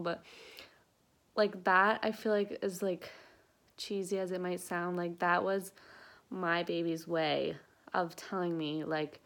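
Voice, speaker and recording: A young woman talks straight to her viewers in a casual, earnest vlog. Her speech is loose and chatty, full of little fillers, and she sounds a bit out of breath. Her pitch sits at an ordinary middle height. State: slightly out of breath. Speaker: vlogger. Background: dogs.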